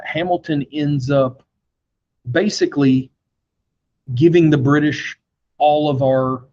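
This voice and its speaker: A man's voice: mid-range voice, a little mellow, lo-fi sound. A man teaching a history lesson in a conversational classroom style, with frequent fillers. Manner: conversational, with fillers and brief acted quotes. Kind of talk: classroom lecture.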